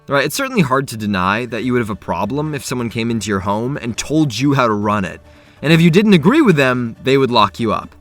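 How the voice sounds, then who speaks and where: A man's voice: medium pitch, big pitch swings, fairly quick, fairly bright tone, soft background music. A man casually talking through a video game quest, chatty and self-correcting as he goes. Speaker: gaming youtuber.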